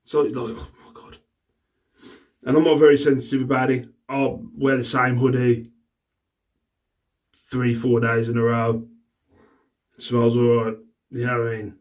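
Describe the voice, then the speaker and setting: A man's voice: mid-range voice, flat delivery, normal speed, long pauses, darkish tone, recorded from a distance. A middle-aged man, casually rambling to camera about his day and his resale finds, exasperated and swearing freely. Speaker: reseller vlogger. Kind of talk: casual vlog chat.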